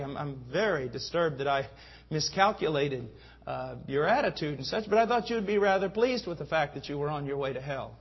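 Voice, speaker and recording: A man's voice: fairly high pitch, animated, brisk, breathy edge. A man preaching a sermon with fervent delivery that rises to emphatic peaks. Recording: dull lo-fi sound.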